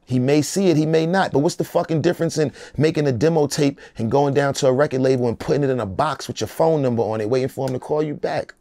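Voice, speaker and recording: A man's voice: medium pitch, quick pace, few pauses, mellow, no room sound. A man in his forties, a rapper being interviewed, talking in a casual, profane, streetwise way and often adding "you know what I'm saying".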